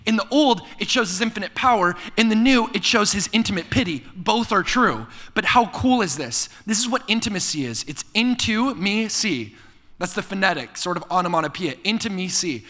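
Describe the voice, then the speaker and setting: A young man preaching a lively sermon to a live audience, joking and asking them to repeat lines after him. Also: high voice. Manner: energetic, playful preaching with call-and-response jokes. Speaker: pastor. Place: church hall before a live audience. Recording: long reverb of a hall.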